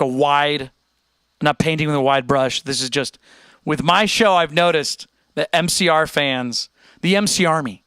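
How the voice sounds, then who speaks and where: Talking straight to his chat, this young live streamer from the United States keeps things animated and casual. His fairly high voice is smooth, with no echo.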